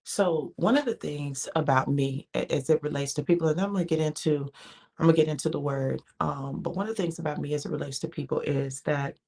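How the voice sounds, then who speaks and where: Gravelly-voiced woman hosting a devotional livestream. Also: low voice, a little fast, a little mellow. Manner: repeats phrases, casual and chatty with viewers; subdued, keeping her voice down. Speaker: minister hosting a daily live broadcast. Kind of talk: live devotional broadcast.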